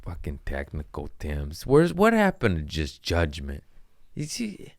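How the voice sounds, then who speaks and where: Deep-voiced man telling loose, profane stories. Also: wildly swooping pitch, a little slow. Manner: loose, profane, laughing at his own stories. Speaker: comedian hosting a podcast. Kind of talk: casual storytelling chat.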